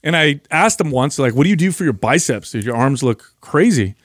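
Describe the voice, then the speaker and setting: Man, fairly high voice, casual fitness talk, animated, dry close sound. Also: a little fast, dry recording. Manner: animated storyteller, explains while demonstrating. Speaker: podcast co-host.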